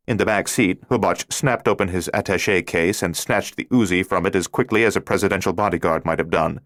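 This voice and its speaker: Low-voiced guy reading a thriller audiobook, steady, dry close sound. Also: fairly quick, hardly any pauses, no echo. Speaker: audiobook narrator. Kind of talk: scripted narration.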